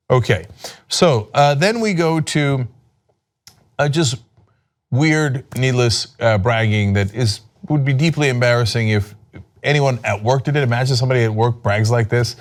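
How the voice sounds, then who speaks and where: A man giving sarcastic political commentary, mocking and exasperated, firing off rhetorical questions. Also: normal speed. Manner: mocking, exasperated, reads quotes aloud; rhetorical questions, lively pitch swings.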